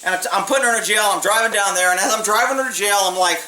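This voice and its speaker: A man's voice: high voice, racing, pushed and bright. A man, a former police officer, telling a story in a blunt, streetwise way and swearing freely. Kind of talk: casual storytelling. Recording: echoey room, mic at a distance, faint hiss.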